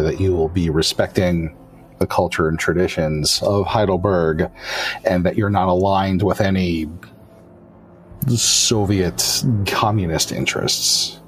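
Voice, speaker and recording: A man voicing a gracious, aristocratic old male vampire elder with a formal, halting manner. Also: sits low.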